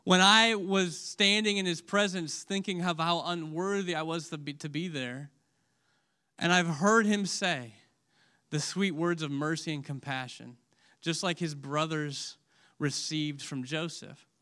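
Male preacher, high pitch, emotional sermon delivery that swings between loud and hushed. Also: unhurried, clean tone. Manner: asks audience questions.

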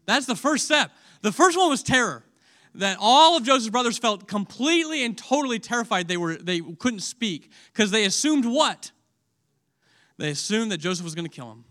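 A man preaching a sermon with emotion, dropping to a hush and rising again, often asking his listeners questions. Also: high voice, sing-song, moderate pace. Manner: emotional, swings from loud to hushed; asks audience questions.

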